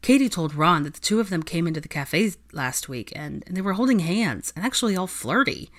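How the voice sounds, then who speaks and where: A woman's voice: lowish voice, expressive, fairly quick. A woman voicing a nosy, playful young female student who teases her friend. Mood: chatty. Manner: pushy, playful teasing.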